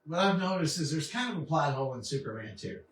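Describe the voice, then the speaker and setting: A man's voice: on the high side, lively intonation, fast talker, fairly bright tone, slight background noise. A man co-hosting a casual chat, telling stories in a rambling way with many fillers and restarts. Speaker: podcast co-host. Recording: roomy sound from a distant mic with faint ambience.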